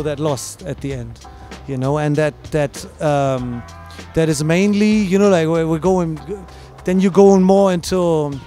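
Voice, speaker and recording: A man's voice: fairly high pitch, warm tone. A man who judges breakdancing, explaining his judging in an interview with many fillers and restarts. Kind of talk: interview answer, explaining at length. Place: at a dance event.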